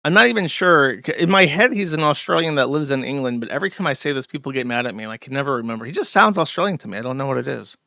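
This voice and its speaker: Sharp-voiced sarcastic male streamer. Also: mid-range voice, lively intonation, very fast, vocal fry, hardly any pauses, dry recording, clean studio sound. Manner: sarcastic, rambling with fillers and laughs. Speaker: streamer host. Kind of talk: casual ranting commentary.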